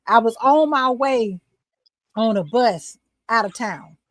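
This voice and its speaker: An older woman tells her story in an animated, storytelling way. Her voice sits a little high, and the recording is dry and close, with no room echo. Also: slow. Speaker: talk show host, guest. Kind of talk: casual chat, storytelling.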